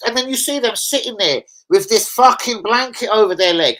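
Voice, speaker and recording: A man's voice: high voice, lively intonation, brisk, few pauses, fairly bright tone. A man ranting angrily on a live stream as a football fan streamer, swearing heavily and getting worked up. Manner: angry, profane, heated.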